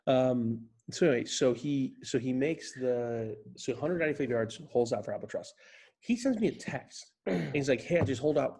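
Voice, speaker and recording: Podcast guest: man, gravelly husky voice, rambling storyteller, casual chat. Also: medium pitch, lively intonation, normal speed, a little mellow.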